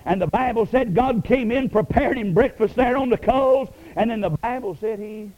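A man preaching a sermon, swinging from ringing emphasis down to a near hush on key words. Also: very high voice, normal speed. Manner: rises and falls sharply, dropping to a hush on key words. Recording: dull lo-fi radio broadcast.

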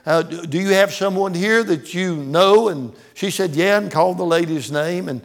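A man's voice: sits high, moderate pace. An older man, a pastor, telling stories in a sermon in a folksy way, often stumbling over and repeating words.

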